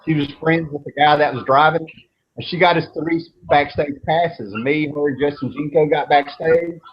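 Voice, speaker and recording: A man's voice: on the high side, moderate pace. Rambling man telling casual stories. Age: 30s. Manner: rambling, laid-back, swears freely. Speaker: show host. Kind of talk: casual storytelling chat. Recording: dull lo-fi with faint noise.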